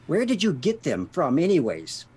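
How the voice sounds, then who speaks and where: A man voicing a sly, smooth-talking male ship captain, pointed and quietly menacing. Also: a little high, huge pitch swings, normal speed, exaggerated voice, poor audio. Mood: businesslike.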